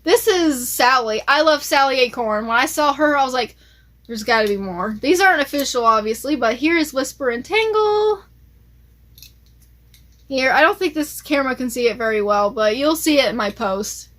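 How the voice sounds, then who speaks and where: Chatty, excitable high-voiced woman. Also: moderate pace. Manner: chatty, excitable, lots of fillers. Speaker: collector vlogger. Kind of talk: casual show-and-tell chat.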